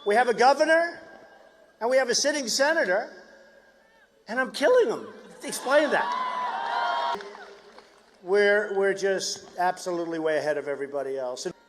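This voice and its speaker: A man giving a rambling, boastful campaign rally speech from a podium, tossing shouted asides to the crowd. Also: sits high, expressive, brisk, a little hiss or hum. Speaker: political candidate. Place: large outdoor stadium rally.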